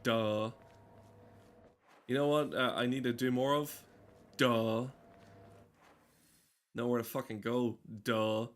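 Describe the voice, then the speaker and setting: Male let's player: loose, profane, self-deprecating, halting with fillers. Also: medium pitch, steady tone. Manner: rambling, crude, self-mocking, many fillers. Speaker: let's play gamer. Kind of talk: casual game commentary.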